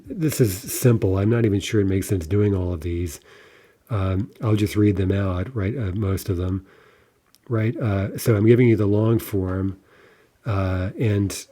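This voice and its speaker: A man with a low, mellow voice teaches an informal Russian grammar lesson. He says word forms slowly and clearly, and keeps checking in with the listener. His tone is patient and explanatory.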